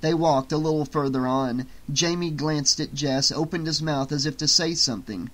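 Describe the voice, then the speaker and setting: A man narrating an audiobook in a steady, measured reading. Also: fairly high pitch. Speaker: audiobook reader.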